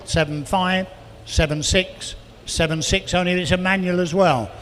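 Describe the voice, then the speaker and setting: A man working as an auctioneer, calling bids quickly and adding chatty asides about each car. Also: high-pitched, fairly even intonation, fairly bright tone. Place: auction hall, indoors. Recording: reverberant hall with faint noise.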